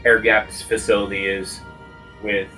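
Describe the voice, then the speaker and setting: Brief: male tabletop player, crisp and bright, faint music under him. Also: fairly low pitch, flat delivery, unhurried, rough recording. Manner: explains his character's actions in detail. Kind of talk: tabletop role-play chat.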